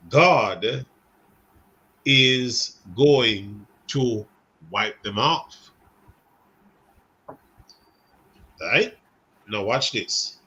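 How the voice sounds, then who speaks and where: Slow, bright-voiced male Bible teacher. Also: medium pitch. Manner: conversational, questions the class by name. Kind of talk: seminary class lecture.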